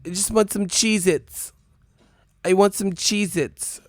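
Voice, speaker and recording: A man voicing a mocking take on an airheaded young woman pageant contestant, drawn-out and exaggerated. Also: sits high, steady tone, no echo, faint music behind, pitched above the performer's own voice. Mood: mock preachy.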